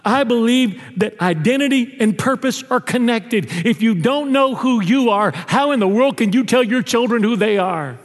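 Man, pastor, high voice, storytelling sermon, long church-hall reverb. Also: expressive, normal speed, hardly any pauses. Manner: storytelling, drops low and soft on intimate lines.

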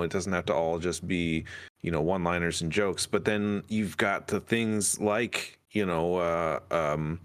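A man's voice: low-pitched, a bit bright, clean tone. A man co-hosting a podcast, chatting casually with rambling sentences and many fillers. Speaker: podcast co-host. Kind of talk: casual chat.

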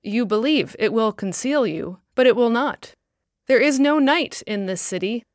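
A woman voicing a kindly male apostle who speaks gently and reassuringly, in a storybook reading. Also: a little high, lively intonation, measured pace, no echo, studio quality. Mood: gentle.

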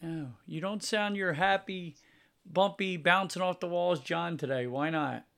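A man's voice: high voice, a little slow, vocal fry, a bit bright. A man hosting a podcast in a teasing, casual chat with his co-host. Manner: jokey, teasing, sings snippets.

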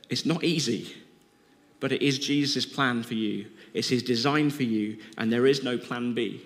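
A man's voice: mid-range voice, normal speed, a bit bright. A man preaching a heartfelt sermon in an earnest way. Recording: long hall reverb.

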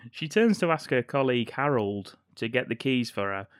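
A man's voice: mid-range voice, lively intonation, normal speed, no room sound. A man co-hosting a podcast, casually recounting a film's plot with dry, sweary asides. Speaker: podcast co-host. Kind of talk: casual film recap chat.

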